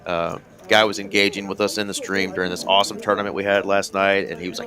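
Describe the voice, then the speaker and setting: A man's voice: sits low, little pitch movement, fast talker. A man co-commentating a live poker stream, chatty and laid-back, telling stories between hands. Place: commentary booth at a poker room. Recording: busy crowd noise behind.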